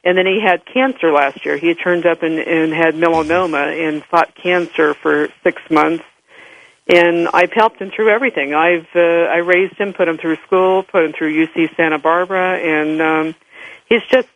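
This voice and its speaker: Halting older male caller on the phone line. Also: on the high side, fairly even intonation, a bit bright. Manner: rambling, halting, many fillers. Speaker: radio caller.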